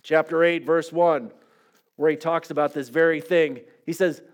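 A man preaching a sermon in a slightly high voice. His delivery moves between soft, quiet phrases and raised, emphatic ones as he tells stories to make his points. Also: fairly even intonation, normal speed. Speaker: pastor.

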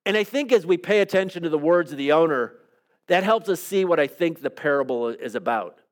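A man's voice: a little high, expressive, fairly quick. A man preaching a sermon in a conversational way, often putting questions to his listeners. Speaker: pastor.

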